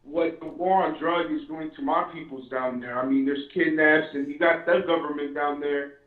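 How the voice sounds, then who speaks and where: A man's voice: a little high, fairly even intonation, moderate pace. A man calling in to a talk show, speaking earnestly and repeating himself. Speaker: caller. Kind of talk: phone-in call. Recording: tinny echoey phone line.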